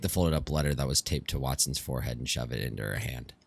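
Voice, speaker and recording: A man's voice: rumbling low, fast, creaky, hardly any pauses, breathy edge. A man reading a game story aloud as an amateur audiobook, narrating steadily in the first person. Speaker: fan reader.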